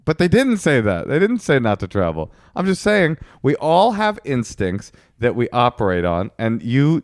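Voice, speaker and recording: Lively teasing man co-hosting a podcast. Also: mid-range voice, no echo, studio quality. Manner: animated, teasing, argumentative. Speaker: podcast co-host. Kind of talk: casual banter.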